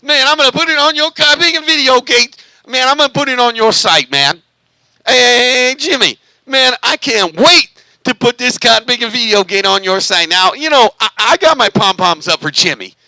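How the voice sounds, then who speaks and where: Hyped high-voiced man. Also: animated, normal speed, pushed and bright, no echo, rough recording. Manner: hyped, repetitive, cheerleading chants. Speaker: CB radio vlogger. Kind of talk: excited CB radio banter.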